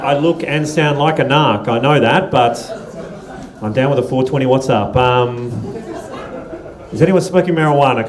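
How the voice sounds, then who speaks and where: On a comedy club stage, an Australian host does stand-up crowd work in a fairly high voice, with background noise audible. His manner is loose and profane as he ribs the audience and keeps breaking into laughter between lines.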